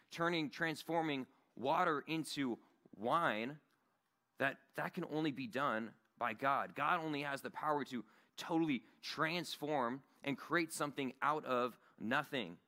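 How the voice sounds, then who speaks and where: A man's voice: a little high, pushed and bright. A man giving a sermon at a Bible study in a church meeting room, earnest and conversational.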